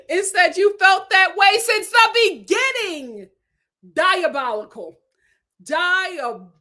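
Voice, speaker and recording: A woman hosting a live-stream recap of a reality show, talking in a dramatic, animated way and laughing often. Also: very high-pitched, extremely slow, long pauses. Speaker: reality TV review host.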